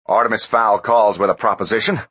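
A man voicing a cocky, brash middle-aged American businessman in a storybook reading, with an American accent and a loud, pushy manner. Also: fairly low pitch, fairly even intonation, a little fast, slightly rough, pitched above the performer's own voice.

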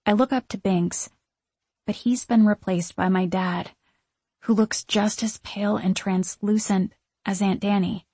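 A woman narrating an audiobook in the first person with expressive storytelling. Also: mid-range voice, slightly rough, no room sound.

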